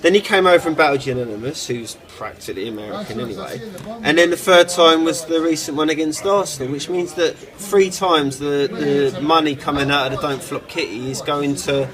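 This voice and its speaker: A man's voice: a little high, brisk, a crowd in the background, poor audio. A man, talking as a correspondent in casual banter and dishing out cutting, dry put-downs.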